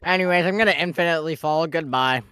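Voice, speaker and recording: Bright, playful young gamer guy. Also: on the high side, fast talker, clear, resonant tone, no room sound. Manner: playful, teasing, laughs often. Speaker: gaming friend. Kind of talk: casual gaming chat.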